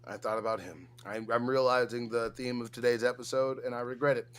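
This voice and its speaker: A man co-hosting a casual livestream chat, loud and profane, with exaggerated reactions while reading news items aloud. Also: medium pitch, fairly even intonation, fairly quick. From United States. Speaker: co-host.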